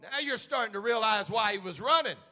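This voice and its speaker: A man pastor preaching a sermon, swinging from hushed asides to shouted, fiery passages. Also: sits high, expressive, brisk, in a large hall.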